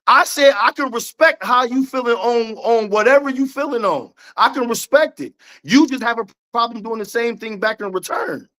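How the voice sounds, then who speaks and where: High-voiced emphatic man debating. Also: lively intonation, moderate pace, few pauses, a bit bright. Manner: emphatic, repeats points, uses slang. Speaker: podcast co-host. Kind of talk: casual debate chat.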